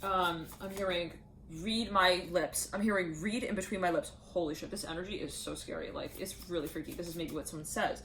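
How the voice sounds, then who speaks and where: Speaking fast with few pauses, a woman with a lowish, steady voice gives a channeled tarot reading. She rambles and laughs while acting out the voices she says she hears. There's a slight hiss or hum in the audio.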